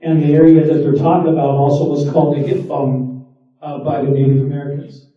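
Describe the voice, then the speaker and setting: A man on a panel explaining local history in a steady, matter-of-fact way. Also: fairly high pitch, a little fast. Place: town hall. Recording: echoey hall, distant and lo-fi.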